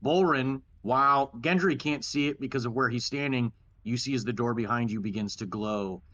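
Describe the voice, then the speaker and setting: A man narrating a tabletop game as dungeon master, relaxed and halting, with restarts. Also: medium pitch, lo-fi sound.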